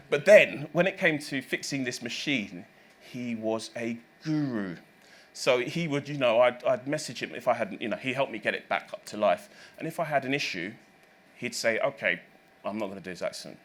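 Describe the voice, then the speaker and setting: A man's voice: medium pitch, fairly bright tone. A man in his thirties, a recording engineer, telling stories in an interview, rambling with many fillers and self-corrections. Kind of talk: reflective interview storytelling.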